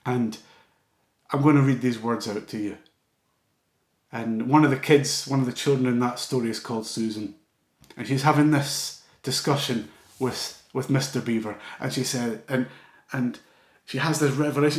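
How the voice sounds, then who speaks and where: Casting: earnest preacher, mid-pitched, roomy church sound. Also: male voice, normal speed. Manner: earnest, drops to soft low emphasis. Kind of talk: sermon.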